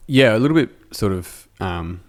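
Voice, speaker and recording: A man's voice: on the low side, animated, normal speed. An Australian man hosting a podcast in a casual, rambling way, correcting himself and joking with his guest. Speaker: podcast host. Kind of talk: casual conversational interview.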